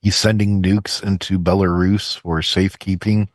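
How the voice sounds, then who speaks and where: A man's voice: low voice, little pitch movement, moderate pace, no room sound. A man co-hosting a casual podcast, joking crudely and rambling about sports and the news. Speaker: podcast co-host. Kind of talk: casual chat.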